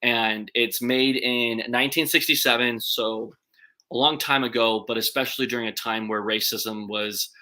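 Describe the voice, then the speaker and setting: Male stream host, mid-pitched and bright, loose chatty delivery that stumbles and speeds up when excited. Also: normal speed. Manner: chatty, hesitant with frequent ums and restarts; excitable, words run together when excited. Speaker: movie channel host. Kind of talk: casual live-stream commentary.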